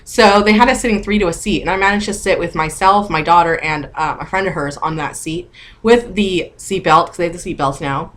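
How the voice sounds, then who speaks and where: A woman in her thirties talks straight into her camera in a relaxed vlog. She is candid and chatty, with an open, emotional way of speaking. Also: lowish voice, fairly quick. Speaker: vlogger. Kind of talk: casual vlog update.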